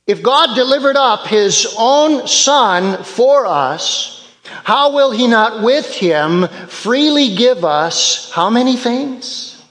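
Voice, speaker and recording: Pastor, male, high voice, deliberate slow delivery, emphatic repeats, echoing hall. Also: expressive, a bit bright. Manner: emphatic preaching with repeated phrases. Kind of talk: sermon.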